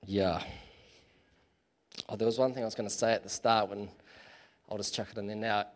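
Chatty Antipodean preacher, loose and joking. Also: male voice, on the low side, steady tone, moderate pace. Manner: chatty and loose, with fillers and self-deprecating asides. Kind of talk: casual sermon. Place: church.

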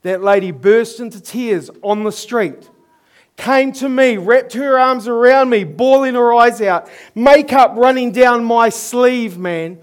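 A man's voice: extremely high pitch, takes it slowly. A middle-aged man with a New Zealand accent preaching a sermon, telling stories earnestly and chuckling at himself. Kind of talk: storytelling sermon.

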